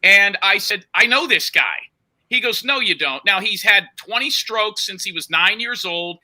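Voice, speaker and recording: A man with a very high, sharply bright voice, pressing on through a heated argument. He retells a story insistently and keeps demanding to finish over the interruptions. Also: expressive, moderate pace, poor audio. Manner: insistent, talks over others, retells calls with quoted voices. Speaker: show host under confrontation.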